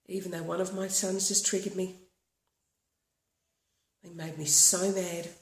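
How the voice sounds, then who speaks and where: An earnest woman from Australia guides a tapping session, repeating simple affirmations as she goes. Her voice sits a little low. The room around her is echoey. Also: level tone, a little slow. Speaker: tapping practitioner.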